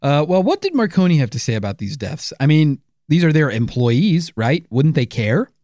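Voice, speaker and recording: A man's voice: fairly high pitch, very animated, normal speed, mellow, dry recording, studio quality. A man co-hosting a true-crime podcast, narrating casually with playful jokes. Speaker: podcast co-host.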